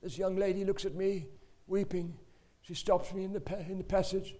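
A man's voice: high voice, level tone, moderate pace, dark tone. A male preacher telling a personal testimony in an emphatic, dramatic storytelling style. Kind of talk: sermon testimony.

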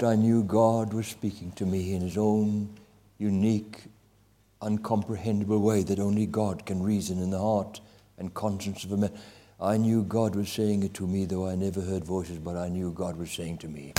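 Husky, impassioned preacher man. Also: on the low side. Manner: impassioned, with wide swings between loud and hushed. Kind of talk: sermon testimony.

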